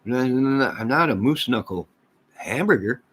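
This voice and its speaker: A man's voice: mid-range voice, lively intonation, moderate pace, fairly bright tone, husky. An American man rambling casually as he chats with livestream viewers, reading their comments aloud and trailing off mid-thought. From United States. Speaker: livestream host chatting with viewers.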